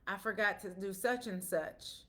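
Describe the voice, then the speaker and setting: A young man making excuses to his mother, as his mom repeats him. His words come out lower and mumbled, with an offhand, explaining tone. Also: a little slow, a bit bright, lightly acted. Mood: excusing.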